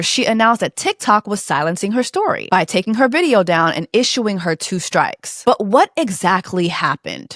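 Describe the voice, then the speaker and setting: A woman's voice: mid-range voice, a bit bright, no room sound, studio quality. A woman hosting a playful, sassy commentary show about viral stories, sometimes slipping into a mock news-anchor voice. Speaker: host.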